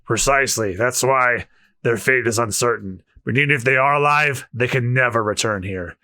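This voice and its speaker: A man voicing a weary old lighthouse keeper, reading a comic aloud in a low, slow, solemn voice. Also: sharp tone, no room sound.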